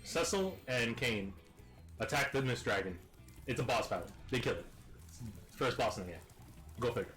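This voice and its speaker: A man's voice: medium pitch, expressive, normal speed, long pauses, fairly bright tone, faint music behind. A man co-hosting a game video, casually retelling a story and laughing often. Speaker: let's play co-host. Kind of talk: casual gaming chat.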